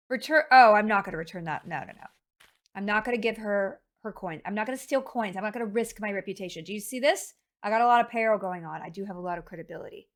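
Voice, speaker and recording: Woman streamer, talkative and rambling, mid-range voice, casual chat. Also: medium pitch. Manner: chatty and rambling, talks to chat. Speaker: game streamer.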